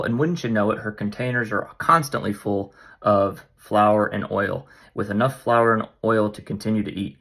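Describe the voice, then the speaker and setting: A man's voice: on the low side, sharp tone. A man hosting a casual Bible study vlog, retelling the passage in a playful, jokey, slangy way. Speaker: vlog host.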